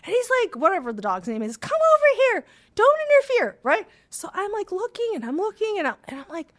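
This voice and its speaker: Animated high-voiced woman telling stories. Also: fast talker. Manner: animated, acts out dialogue, frequent "right?" and "okay?". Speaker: podcast host. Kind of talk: casual storytelling chat.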